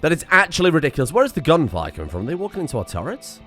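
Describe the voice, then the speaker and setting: A man giving excitable let's play commentary on a strategy game, muttering one moment and shouting the next. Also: a little high, rapid-fire, soft background music. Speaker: gameplay commentator.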